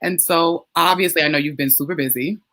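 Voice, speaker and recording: Low-voiced woman hosting an interview. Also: a little fast, bright, forceful tone, dry recording, studio quality. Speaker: host.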